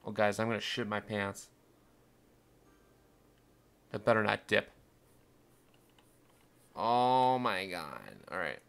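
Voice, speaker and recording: A young man commentating his city-building game, muttering along and then bursting into panicked, cursing shouts. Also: fairly low pitch, flat delivery, measured pace, creaky, long pauses. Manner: swings from mumbling to panicked yelling, swears constantly. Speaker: gameplay streamer. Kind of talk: casual let's-play commentary.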